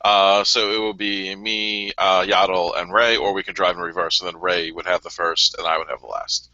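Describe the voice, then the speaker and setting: A man's voice: deep voice, little pitch movement, normal speed, pushed and bright, no room sound. A man organizing a tabletop game over a voice call, laying out turn order with hesitant fillers. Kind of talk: casual game chat. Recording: muffled lo-fi voice call.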